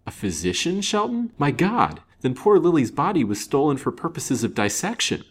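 A man's voice: mid-range voice, very animated, a little fast, husky, voice pushed up. A man reading aloud and voicing an anxious, impatient aging banker who is a grieving father. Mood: distressed. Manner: eager, impatient, distressed exclamations. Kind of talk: storybook reading.

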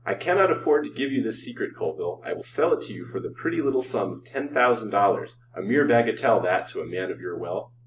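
A cold, calculating doctor out of a storybook, as a narrator puts him on, calm and sneering. His voice sits low and steady. The recording is distant, with a faint hum behind it. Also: fast, few pauses, lightly acted. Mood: indifferent.

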